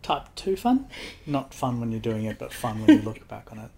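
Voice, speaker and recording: A man's voice: medium pitch, big pitch swings, normal speed, vocal fry, dark tone. A man co-hosting a casual podcast with his partner. He teases her with playful mock indignation and often laughs mid-sentence. At other times he answers in short, easygoing phrases. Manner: teasing and jokey, chuckles through his lines, short replies. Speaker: podcast co-host. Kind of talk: casual chat.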